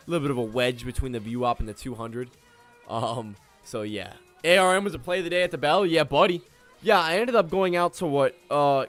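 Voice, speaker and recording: A man's voice: a little high, fairly bright tone. A young man chatting casually with viewers on a live stream about trading and his weekend, joking and talking straight to them. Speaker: livestreaming day trader.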